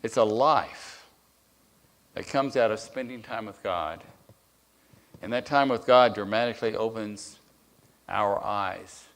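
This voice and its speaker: A man with a somewhat low voice preaches a sermon as a guest speaker. He tells his story plainly, stumbling into restarts and filling pauses with "uh.". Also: a bit bright. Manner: storytelling, with repeated restarts and uh fillers.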